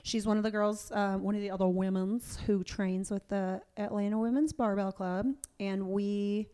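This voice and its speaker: A woman hosts a casual interview podcast with a mellow, relaxed tone. She tells stories in a chatty, animated way. She acts out what other people said. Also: mid-range voice, normal speed. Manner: chatty, animated storytelling with quoted voices. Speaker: podcast host; powerlifting coach and competitor.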